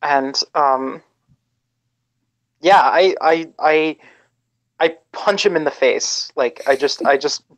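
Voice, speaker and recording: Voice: medium pitch, takes it slowly, long pauses, low-quality recording. A tabletop game player describing their moves hesitantly, stammering into restarts.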